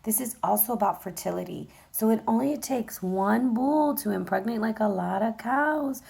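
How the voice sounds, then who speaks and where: A woman's voice: moderate pace, a little mellow. A woman giving a casual tarot reading with a tired, worn-out voice, chatting straight to viewers with lots of fillers. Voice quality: gravelly, low voice. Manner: chatty, direct address, many fillers. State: vocally exhausted, voice going in and out. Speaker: tarot reader.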